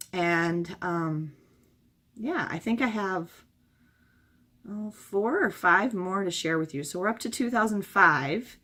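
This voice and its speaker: Hoarse middle-aged woman reminiscing. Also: on the low side, fairly bright tone. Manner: rambling, reminiscing with fillers. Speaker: travel vlogger. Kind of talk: casual chat.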